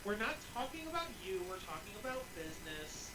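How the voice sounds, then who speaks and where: A woman's voice: medium pitch, very animated, fairly quick, a crowd in the background, poor audio. A woman running a tabletop game as game master, hesitant and full of fillers, laughing often. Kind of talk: narrating a tabletop game with players. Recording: loud background noise.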